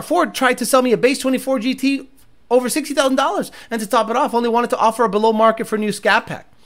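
A man's voice: very high-pitched, fairly bright tone. Blunt, profane man ranting on a livestream. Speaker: livestream host reading chat. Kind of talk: casual livestream rant.

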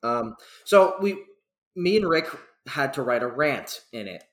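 A man's voice: mid-range voice, expressive, a little slow, reverberant. A young man from New York, hosting a casual podcast and rambling through a story with plenty of swearing. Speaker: podcast host.

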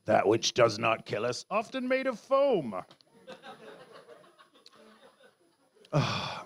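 Animated, sweary, surreal comedian man. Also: medium pitch, very slow, gravelly. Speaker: stand-up comedian. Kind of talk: surreal stand-up with interview chat.

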